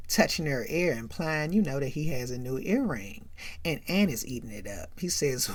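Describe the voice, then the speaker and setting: Here the host is a woman with a deep voice and a moderate pace, giving a chatty, casual recap of a movie. She's animated and keeps asking "right?"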